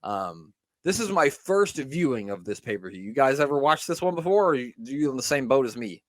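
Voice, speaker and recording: A man hosting a casual wrestling podcast, relaxed and rambling with frequent laughs. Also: medium pitch, a little fast, no echo. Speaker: podcast host.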